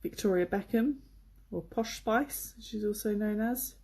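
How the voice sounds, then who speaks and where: English lady teaching online, chatty and excited, lots of ums, computer mic. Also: medium pitch, measured pace, husky. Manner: chatty, enthusiastic, many fillers.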